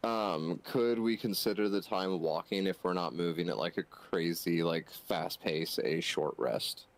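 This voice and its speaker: A man's voice: sits low, measured pace. A man playing a tabletop game as a wizard player, casual and joking. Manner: joking, animated banter.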